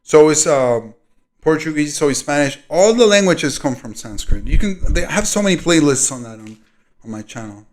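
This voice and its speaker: A man hosting his own video, reading a diary aloud and breaking off into long commentary. He rambles, fills gaps with ums, and clears his throat often. His loudness rises and falls as he talks. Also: on the high side, animated, moderate pace. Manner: rambling, frequent throat clearing and fillers, loudness rising and falling. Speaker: video host.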